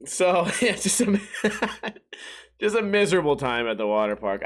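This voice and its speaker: High-pitched with big pitch swings and a bit bright, this young man's voice moves at a measured pace. He's a podcast host telling casual stories solo, full of swearing, and he laughs at his own jokes.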